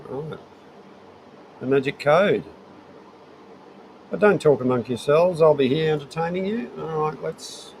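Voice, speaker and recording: A man's voice: a little high, unhurried, long pauses, noisy background. A middle-aged Australian man casually chatting to viewers on a live stream from his shed, rambling and easygoing while he fiddles with his setup. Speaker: livestream host. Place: home shed.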